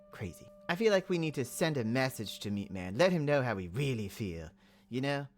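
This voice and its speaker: A man's voice: medium pitch, very animated, a little fast. A man giving casual gameplay commentary as a roleplay server player, rambling and often stammering and repeating words.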